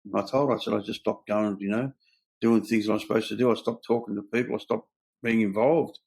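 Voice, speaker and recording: Gravelly older Australian man. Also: on the low side, fairly even intonation, brisk, a little mellow. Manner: earnest, blunt, tells stories with quoted dialogue. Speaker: host sharing his own recovery story. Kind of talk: candid conversation.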